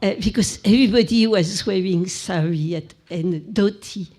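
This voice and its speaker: An older woman with a French accent, recounting memories to an audience in halting English, with many pauses and fillers. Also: medium pitch, warm tone. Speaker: guest speaker.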